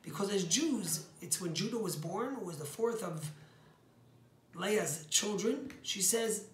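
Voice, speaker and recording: A man's voice: high-pitched, expressive, slow, echoey room, a little hiss or hum. A man giving a short inspirational sermon as a rabbi, telling stories earnestly and stressing key words.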